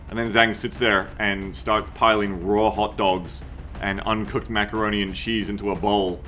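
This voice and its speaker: A man's voice: lowish voice, level tone, moderate pace, pushed and bright, faint music behind. A man streaming a strategy game, joking and swearing as he reads chat messages aloud and riffs on them. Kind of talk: casual gameplay commentary.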